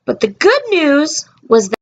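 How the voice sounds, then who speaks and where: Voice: high voice, big pitch swings, measured pace. A young adult vlogger telling a personal story in casual, heartfelt chat, rambling with fillers and restarts.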